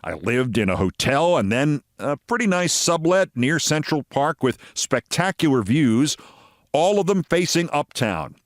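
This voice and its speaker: A man's voice: a little high, big pitch swings, unhurried, no room sound, clean studio sound. A man from New York, hosting a scripted political commentary show in a sarcastic, theatrical manner. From New York, USA.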